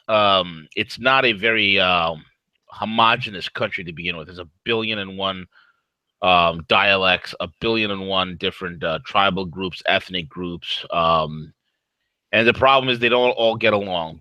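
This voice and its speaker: A man co-hosting a casual talk show, giving blunt opinions in an animated, rambling way. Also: lowish voice, no room sound, rough recording. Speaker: co-host.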